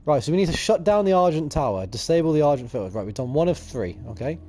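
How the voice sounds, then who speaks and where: A man's voice: on the high side, sing-song, fast, dark tone. A young man co-hosting a let's play, cracking cheeky, boisterous jokes in casual gaming chat.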